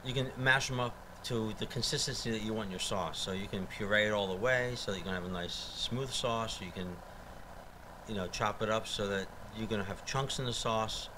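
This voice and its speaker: Man, radio guest, low easy voice, hesitant fillers, clear steady background noise. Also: moderate pace. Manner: relaxed, easygoing, hesitant fillers. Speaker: guest cook. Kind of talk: casual chat.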